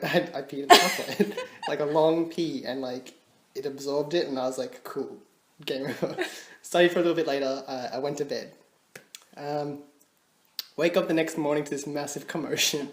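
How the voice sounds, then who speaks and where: A man's voice: on the high side, normal speed. A young man, co-hosting a podcast, telling funny stories with lots of laughter and acted-out dialogue. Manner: animated, laughs often, acts out quoted dialogue. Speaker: podcast co-host. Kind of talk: casual storytelling. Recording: echoey room with faint noise.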